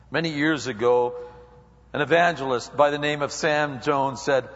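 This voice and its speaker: A male preacher giving a lively sermon that acts out quotes and dialogue, recorded in an echoey hall with dull lo-fi sound. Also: mid-range voice, normal speed.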